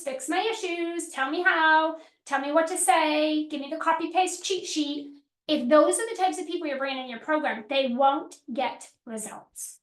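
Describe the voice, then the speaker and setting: Business coach, woman, middle-aged, high voice, direct and energetic; echoey room. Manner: energetic, direct, asks the audience questions, acts out clients' voices. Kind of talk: workshop teaching.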